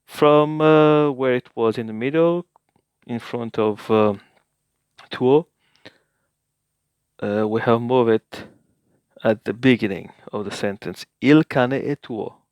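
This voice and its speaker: A man hosts a casual language lesson at a slow, unhurried pace, hesitating often and thinking aloud. He repeats each example word for the listener. His voice is smooth and clean, recorded dry with no room sound. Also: medium pitch, darkish tone, no room sound, muffled recording. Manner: repeats words slowly for the listener. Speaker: language-learning video host.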